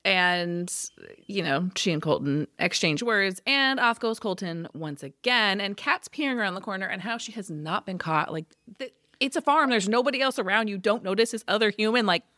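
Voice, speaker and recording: Here a female podcast co-host chats through a TV episode recap, voicing the characters as she quotes them. Her medium-pitched voice is pushed and bright with lively intonation, at a moderate pace, captured dry in studio quality.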